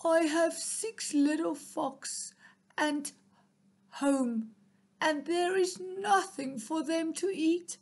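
A woman's voice: extremely high pitch, extremely slow, a little mellow, pitched above the performer's own voice, heavily acted. A woman voicing a hungry male fox who politely begs for food. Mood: pleading. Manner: polite, begging. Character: hungry humble male fox, pleading father.

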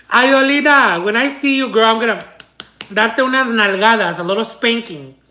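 A man's voice: very high-pitched, moderate pace, bright, forceful tone. A man vlogging as he opens fan mail, telling a story to his viewers in a dramatic, giggly way. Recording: roomy echo.

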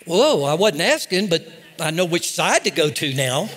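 A man's voice: a little high, big pitch swings, normal speed, fairly bright tone. An older male pastor preaching a sermon with impassioned, emphatic delivery and humorous asides. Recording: long reverb of a large hall.

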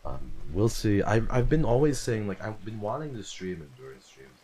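A man's voice: on the low side, big pitch swings, moderate pace, dark tone. A man streaming live and chatting casually with his viewers, playful and teasing, swearing freely and slipping into theatrical voices. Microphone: desk microphone.

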